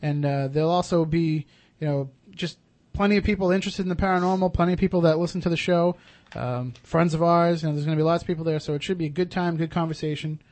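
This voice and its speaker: Fast-talking New radio host. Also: male voice, on the high side, a little mellow. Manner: rambling, many fillers and restarts. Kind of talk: casual radio talk show chat.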